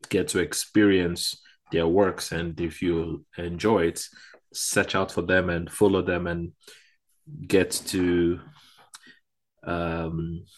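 A male podcast host introduces his guest in a loose, casual way, stopping often on uh and um. His voice sits low and deep. He sounds relaxed and unscripted. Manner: hesitant, many fillers.

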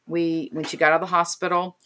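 A middle-aged woman with a low voice tells a personal story as an interview guest. She speaks with open emotion and briefly takes on the voices of the people she describes. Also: flat delivery, quick pace, a bit bright. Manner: emotional, retells scenes by voicing the people in them.

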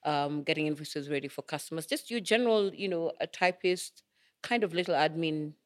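A woman's voice: deep voice, a little fast. Middle-aged woman from Kenya, interview guest, chatty, acts out quotes, laughs easily. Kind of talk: casual interview storytelling.

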